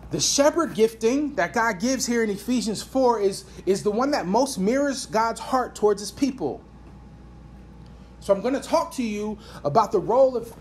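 In a church, a woman pastor reads from an iPad as she preaches and prays aloud, earnestly repeating phrases for emphasis. Her voice is medium in pitch, with a slight hiss or hum audible.

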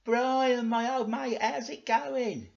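A man's voice: extremely high pitch, steady tone, takes it slowly, gravelly, pitched above the performer's own voice, exaggerated voice. A man voicing a cocky, scheming male cartoon dog with a brash, swearing manner, on a dull lo-fi recording. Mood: cheeky.

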